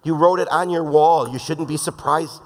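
Pastor preaching in a reverberant hall. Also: male voice, a little high, steady tone, normal speed. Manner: conversational and joking, acts out quoted voices. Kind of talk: sermon.

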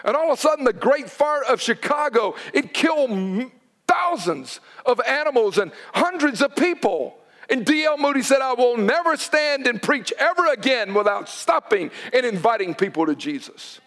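A man in his forties preaches a sermon with a notably high voice. He tells stories and acts out the people in them, pressing his points with urgency. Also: big pitch swings, moderate pace, a bit bright. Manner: storytelling with acted quotes, urgent emphasis. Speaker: pastor.

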